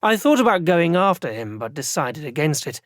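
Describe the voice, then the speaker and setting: Male audiobook narrator, first-person, measured reading, dry studio sound. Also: fairly high pitch, very animated, a bit bright, dry recording.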